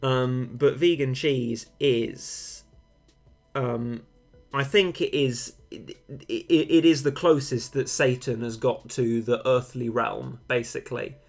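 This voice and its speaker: A young man chats his way through a game stream, rambling from one thought to the next and hamming up his opinions with mock-dramatic flair. His voice sits at an ordinary middle pitch, with faint music playing underneath. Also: steady tone, takes it slowly, creaky. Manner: chatty and rambling, given to mock-dramatic overstatement. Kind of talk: casual live-stream chat reading out and answering viewer comments.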